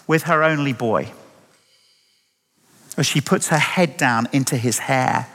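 A man's voice: sits high, fairly bright tone. A man preaching a sermon, emphatic and full of rhetorical questions. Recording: long hall reverb.

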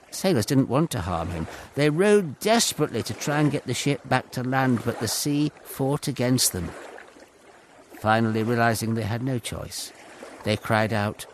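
A man narrating a Bible story in a dramatic, expressive storytelling manner. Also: medium pitch, normal speed, a little hiss or hum.

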